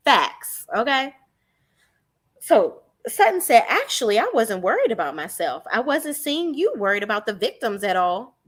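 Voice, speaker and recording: A woman's voice: on the high side, big pitch swings, moderate pace. A woman recapping a reality TV show live, blunt, profane and mocking the cast.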